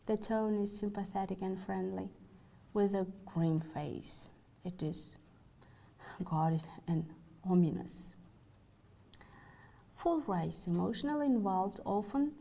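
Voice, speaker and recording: Speaking in a dark, medium-pitched voice over a rough recording, a Russian-native woman lectures for an online course. She reads carefully while demonstrating tones, with small slips and restarts.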